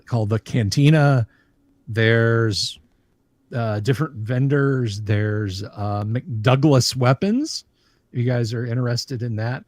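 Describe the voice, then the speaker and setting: A man narrating as the game master of a tabletop game, at an ordinary middle pitch. He halts often and restarts his sentences. The recording is dry and close, with no room sound. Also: dry recording. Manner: halting, full of uh and restarts.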